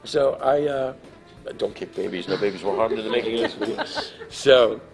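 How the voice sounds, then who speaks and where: A man telling a story to a live audience, animated and emotional, swinging from hushed to loud. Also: fairly low pitch, normal speed, gravelly, over music. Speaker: guest storyteller.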